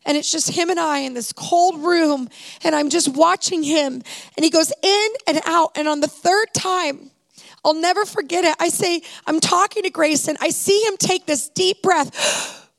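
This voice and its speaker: A middle-aged woman tells a personal story from a stage, her voice high and edged with a gravelly fry. She retells the scene with heartfelt drama, slipping into quoted dialogue. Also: unhurried. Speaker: speaker telling a personal story to an audience. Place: stage before a live audience.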